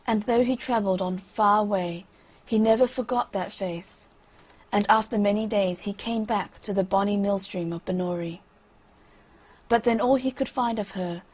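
A woman tells an old fairy tale in a measured, expressive way. Her voice is husky and breathy and sits at a middle pitch. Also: rough recording. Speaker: storyteller.

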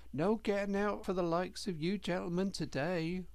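A man's voice: high-pitched, steady tone, moderate pace, gravelly, darkish tone, no room sound, voice pushed up. A man voicing a young male hedgehog, timid and polite, speaking in a humble country dialect and calling everyone sir. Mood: earnest.

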